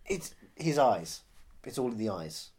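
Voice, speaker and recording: A man's voice: medium pitch, big pitch swings, measured pace, darkish tone, a little hiss or hum. A man co-hosting a podcast, chatting casually about films with crude jokes. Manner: joking, riffing, crude. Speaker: podcast co-host. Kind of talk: casual film chat.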